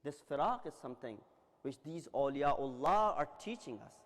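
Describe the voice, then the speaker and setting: High, lively male preacher in a hall. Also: normal speed. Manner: dramatic storytelling, acting out quoted dialogue. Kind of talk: religious lecture. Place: large Islamic center hall. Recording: long reverb in a large hall.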